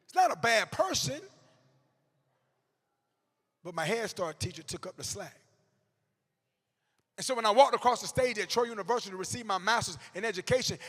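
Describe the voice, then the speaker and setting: A man, telling comedic stories to educators in an animated way, with bursts of shouting and acted-out quotes. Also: sits high, slightly rough, in a large hall. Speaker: motivational comedic speaker. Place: large hall before a live audience.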